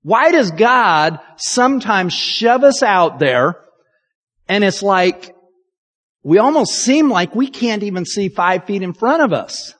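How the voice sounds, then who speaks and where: Pastor, male, high lively voice, chatty self-mocking sermon, long hall reverb. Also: takes it slowly. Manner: candid, self-deprecating and chatty. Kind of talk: conversational sermon.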